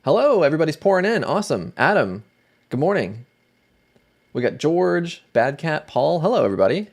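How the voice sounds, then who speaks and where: A man hosting a casual livestream, chatting in a relaxed way and greeting viewers by name. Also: fairly high pitch, a little fast, gravelly. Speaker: livestream host.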